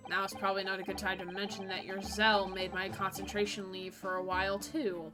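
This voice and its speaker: A woman's voice: mid-range voice, fairly even intonation, fairly quick, hardly any pauses, music in the background. A woman streamer giving casual, chatty let's-play commentary, giggly and full of fillers.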